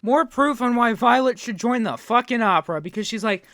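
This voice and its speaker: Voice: mid-range voice, brisk, very noisy. A reaction video host ranting indignantly, with heavy swearing.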